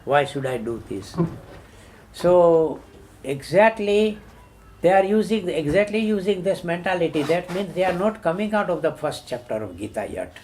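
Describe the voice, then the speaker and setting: An older man delivering an impassioned talk with a voice pitched a little above the usual. He is emphatic, doubling back on words, and his questions jump up sharply. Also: slight background noise. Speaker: Hindu activist.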